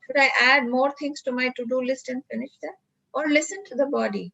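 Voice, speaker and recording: A woman's voice: fairly high pitch, steady tone, moderate pace, fairly bright tone. A woman doctor giving a webinar health talk, asking her listeners many questions and acting out everyday voices. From India. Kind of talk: webinar lecture. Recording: dull lo-fi webinar audio.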